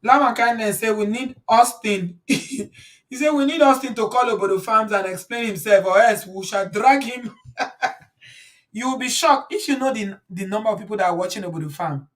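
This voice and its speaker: A woman's voice: fairly high pitch, moderate pace. A woman with a Nigerian accent hosting a casual livestream, chatty and preachy, often breaking into laughter. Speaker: livestream host. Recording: voice a bit far from the mic.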